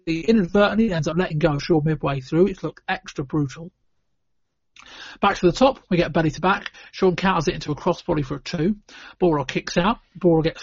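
A man's voice: fairly high pitch, dry recording, highs cut off. A man from the UK hosting a podcast, giving a wry, matter-of-fact play-by-play recap of a wrestling match. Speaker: podcast host.

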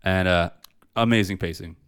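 A man's voice: deep voice, normal speed, a bit bright, smooth. A man co-hosting a podcast, chatting casually and enthusiastically about movies, loose and profane with lots of fillers. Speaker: podcast co-host. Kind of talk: casual movie review chat.

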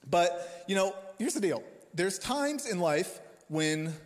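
A man's voice: high-pitched, very animated, slow. A man preaching a sermon as a pastor, in a casual, joking, conversational way. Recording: long hall reverb.

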